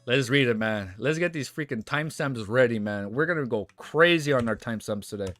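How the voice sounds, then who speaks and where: This young streamer talks at a somewhat fast clip in a medium-pitched, fairly bright voice. He rambles through casual livestream chat, swearing heavily, restarting and self-correcting, with faint music in the background.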